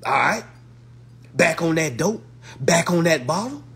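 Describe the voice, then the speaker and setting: A man giving an emphatic, casual rant to camera, swearing and swinging from hushed to loud. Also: a little high, big pitch swings, measured pace. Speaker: vlogger.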